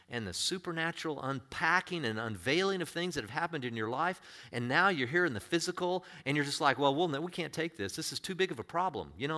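A man preaching a sermon, moving from easy conversational talk to loud, impassioned preaching, often repeating and restarting words. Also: medium pitch. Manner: repeats and restarts words, acts out quoted voices. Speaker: pastor.

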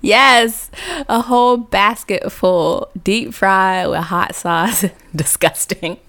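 A woman's voice: medium pitch, slow pace, fairly bright tone. A woman host telling a comic story in a casual, slangy way, laughing often. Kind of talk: comedic storytelling.

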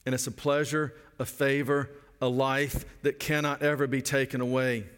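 A middle-aged man preaching a sermon in an earnest way, repeating phrases for emphasis and slowing down on key lines. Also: mid-range voice, little pitch movement, fairly bright tone, clear, resonant tone. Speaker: pastor. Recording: long hall reverb.

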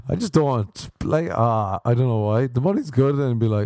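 A man's voice: mid-range voice, moderate pace, a little mellow, dry recording, studio quality. A young Irish man telling rambling, sweary, self-mocking stories in a casual monologue, acting out other people's voices as he goes. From Ireland.

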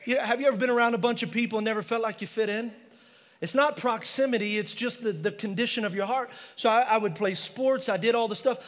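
A man's voice: very high-pitched, fairly bright tone, in a large hall. A male pastor preaching a passionate sermon in a church, mixing personal stories with scripture.

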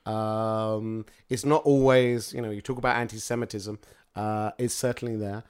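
Chatty male guest telling lively stories. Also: lowish voice, normal speed, clear, resonant tone. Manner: lively anecdotal storytelling with frequent fillers. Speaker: guest speaker. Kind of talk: casual interview chat.

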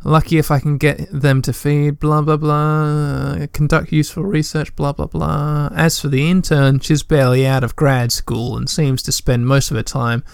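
A man's voice: a little high, flat delivery, normal speed, vocal fry, hardly any pauses, clean tone, no echo, studio quality. A man reading out the journal of an exasperated middle-aged male scientist in a fairly plain voice. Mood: grumbling. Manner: complaining, exasperated.

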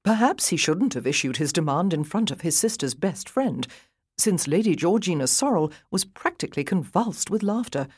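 Audiobook narrator, woman, low husky voice, lively, dry studio sound. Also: normal speed, dry recording. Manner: expressive, animated reading. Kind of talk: scripted narration.

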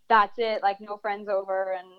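Thirties woman telling a story, animated and sweary, mid pitch, kinda dull lo-fi sound. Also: moderate pace, clear, resonant tone. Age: 30s. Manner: animated, acts out voices, swears casually. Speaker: guest storyteller. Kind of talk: casual storytelling interview.

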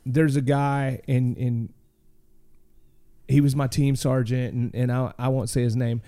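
A man hosting a casual podcast conversation, reminiscing in a relaxed way. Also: mid-range voice, a little slow.

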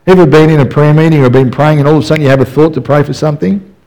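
A man's voice: fairly high pitch, fairly even intonation, rapid-fire, a little mellow, poor audio. A man preaching a sermon in a casual, joking storyteller's way, full of "you know" asides. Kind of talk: conversational sermon.

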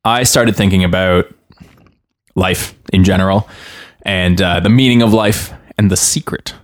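A man's voice: sits low, a little slow. A man co-hosting a podcast who rambles reflectively in casual chat, with restarts and chuckles. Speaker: podcast co-host.

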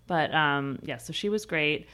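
A woman's voice: low voice, a little slow, bright, forceful tone. A woman co-hosting a podcast in casual chat, talking in loose, restarting sentences full of "like". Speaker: podcast co-host.

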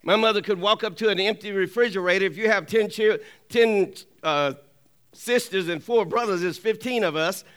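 A man preaches with a high, ringing voice that stays smooth and clear. He works the congregation with call-and-response, pressing for an amen. He drives his points home by saying them twice. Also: normal speed, a bit bright. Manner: repeats key lines for emphasis. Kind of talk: sermon.

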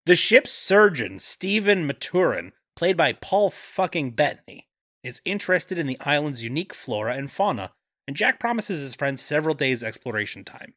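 A man co-hosting a movie podcast, summarizing the plot and cracking deadpan jokes. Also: fairly high pitch, normal speed, no echo, clean studio sound. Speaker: podcast co-host. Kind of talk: casual movie podcast chat and plot recap.

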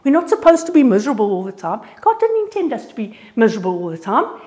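A woman giving an informal, earnest sermon and personal testimony, lively and prone to restarting words. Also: on the high side, fairly quick. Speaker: speaker sharing a testimony. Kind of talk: informal church sermon with slides. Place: church gathering.

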